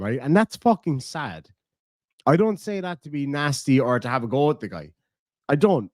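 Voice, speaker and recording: A man's voice: mid-range voice, no echo. An Irish man hosts a livestream in a loose, rambling way, swearing freely and reading out viewer donations as he goes. His voice sits in an ordinary middle register. The sound is dry and close, with no room around it. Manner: profane, rambling, reads out donations. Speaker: livestream host. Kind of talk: casual livestream chat.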